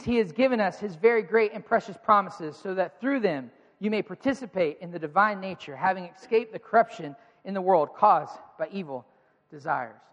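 High-voiced pastor in a reverberant hall. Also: male voice, lo-fi sound. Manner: energetic, coaxes the congregation into call-and-response. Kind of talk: sermon.

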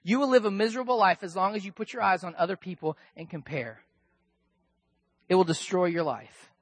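Guy pastor preaching, chatty and animated, goes quiet then punches it loud, dry close mic. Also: high voice, brisk, no echo. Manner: animated and conversational, swinging between soft asides and loud emphatic bursts. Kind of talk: sermon.

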